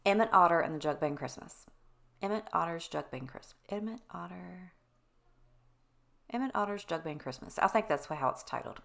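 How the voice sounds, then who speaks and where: A woman's voice: lowish voice, lively intonation, normal speed, creaky, fairly bright tone. A middle-aged woman chatting casually to her viewers in a voice-over, rambling candidly and drifting off on tangents. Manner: candid and conversational, addresses viewers directly. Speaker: home cleaning vlogger.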